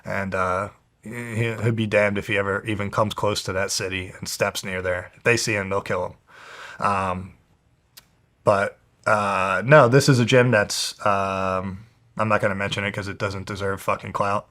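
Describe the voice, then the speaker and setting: A man in his twenties from New Jersey, a fighter telling a personal story in a candid, animated way, swearing heavily and acting out the people he quotes. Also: lowish voice, unhurried. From New Jersey, USA. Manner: heavy swearing, animated retelling with quoted voices. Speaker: guest, pro fighter.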